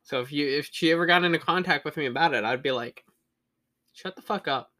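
A man's voice: on the high side, fast talker, sharp tone. A man co-hosting a podcast in casual chat, joking and candid about his past. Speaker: podcast co-host.

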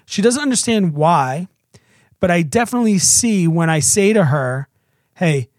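A man in his thirties co-hosting a casual podcast, chatty, often acting out his young daughter's lines in a squeaky voice. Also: lively intonation, moderate pace, no room sound, clean studio sound. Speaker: podcast co-host.

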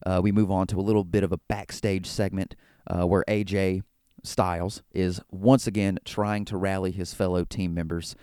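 A man with a lowish, smooth and resonant voice talks through a casual recap as a podcast host. He is chatty and joking, and he often trips over his words and repeats them. The sound is close and dry. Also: level tone, moderate pace, dark tone, dry recording. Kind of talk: casual wrestling recap commentary.

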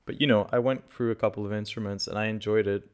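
A man's voice: fairly low pitch, fairly even intonation, fast talker, smooth. A man hosting a casual solo podcast, a native Portuguese speaker who is a bit sick with a dry throat, rambling and correcting himself as he goes. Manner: rambling, self-correcting, loose and conversational. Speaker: podcast host.

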